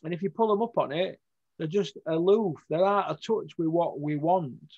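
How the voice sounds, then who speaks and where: A man hosting a show, giving a blunt, sweary opinion rant with loud outbursts. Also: fairly high pitch, normal speed, dull audio. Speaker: host.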